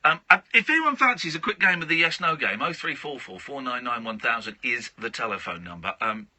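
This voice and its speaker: A man's voice: mid-range voice, sing-song, a little fast, sharp tone, dry recording. A man hosting a late-night radio show, chatting in a rambling, self-interrupting way. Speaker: radio host.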